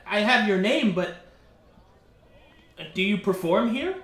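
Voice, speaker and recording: Awkward young hero, voiced by the male game master; higher, halting delivery in a roomy space. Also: lively intonation, a bit bright, full character voice. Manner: stammering, hesitant. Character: awkward, nervous young man adventurer. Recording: echoey room.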